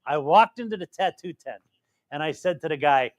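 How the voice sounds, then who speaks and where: An older man talks with a slightly raised pitch, easy and chatty, as he hosts an advice show. His voice sits close and dry on a studio mic with no room sound at all. He likes to spin a story and act out the lines of the people in it. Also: expressive, moderate pace, no room sound. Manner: chatty, tells stories with acted-out quotes. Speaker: radio show host giving legal advice. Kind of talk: call-in advice and casual storytelling.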